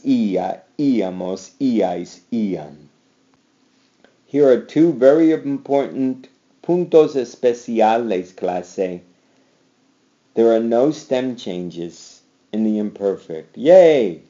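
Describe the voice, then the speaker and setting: Guy teaching a slide lesson, talks slow and repeats endings, muffled lo-fi audio. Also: lowish voice, mellow. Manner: drills verb endings aloud, repeating and encouraging. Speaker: Spanish teacher. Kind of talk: recorded slide lecture.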